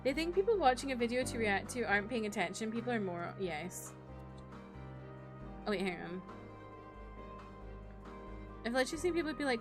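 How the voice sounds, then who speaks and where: A woman's voice: on the high side, expressive, brisk, pauses often, music in the background. A young woman streamer chatting casually and sarcastically while she plays, ranting with frequent laughs. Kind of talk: casual live-stream chat while gaming.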